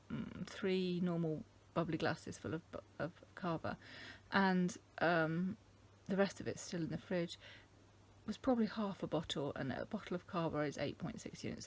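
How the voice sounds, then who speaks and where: Husky, low-voiced woman vlogging thoughtfully. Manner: thoughtful, halting, with many ums. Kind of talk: casual chat to camera. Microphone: camera mic.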